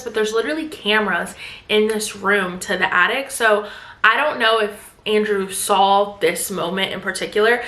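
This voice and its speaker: A young woman recapping a thriller novel in a casual, animated and emphatic way. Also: mid-range voice. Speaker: book vlogger. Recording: echoey room.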